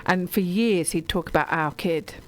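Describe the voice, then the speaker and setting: A woman's voice: on the low side, moderate pace, a little hiss or hum, low-quality recording. A middle-aged English woman chatting on radio about books, gushing and digressive, with lots of ums and restarts. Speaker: radio show guest or presenter talking books.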